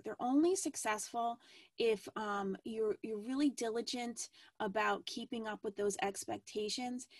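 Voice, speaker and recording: Higher-voiced woman teacher presenting a webinar. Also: no room sound. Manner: measured, with frequent ums and restarts.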